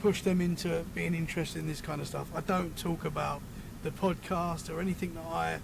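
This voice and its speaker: A British man talks casually as a podcast guest, telling stories that ramble and double back as he fixes his words. His voice is gravelly and sits a little high. The recording carries a clear layer of background noise. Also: steady tone, a little fast. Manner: rambling, self-correcting storyteller. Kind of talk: casual chat.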